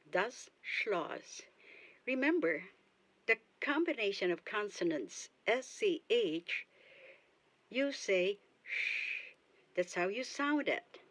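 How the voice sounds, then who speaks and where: Brief: female language teacher, unhurried and deliberate, repeats words so listeners can practise, dry booth sound. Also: medium pitch, a bit bright, no room sound. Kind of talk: slow, careful language lesson.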